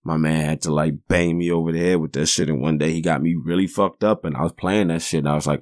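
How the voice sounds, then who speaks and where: Rumbling low and darkish in tone, this forties-aged podcast host talks fast with few pauses and a steady delivery. His storytelling is casual, rambling, profane and joking, and the clean studio audio has no room sound.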